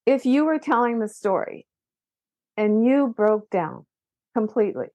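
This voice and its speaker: An animated woman speaks as a podcast guest. She stops and restarts her sentences, and her voice climbs as she presses a point. The recording is dry and close. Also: a little high, a little slow, no room sound, lo-fi sound. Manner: animated, many restarts, rising emphasis. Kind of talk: casual conversation.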